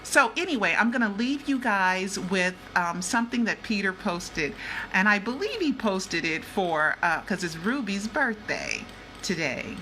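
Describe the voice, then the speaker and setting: A woman's voice: medium pitch, big pitch swings, a little slow, pushed and bright, a little hiss or hum. Emphatic older woman vlogging. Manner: emphatic, repetitive, chatty. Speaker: vlogger and investigative journalist. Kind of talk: casual vlog talk.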